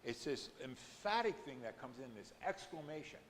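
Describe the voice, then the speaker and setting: A man's voice: medium pitch, expressive, moderate pace, in a large hall, slight background noise. A man teaching an adult education class at a church, explaining scripture readings step by step and rising to emphatic moments when he quotes them.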